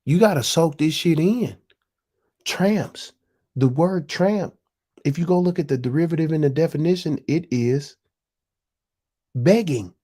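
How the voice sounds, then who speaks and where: Male host, slow-talking street preacher energy, swears a lot, keeps asking "you understand". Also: fairly high pitch, dark tone. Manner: profane, preachy slang with rhetorical questions. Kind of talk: casual monologue.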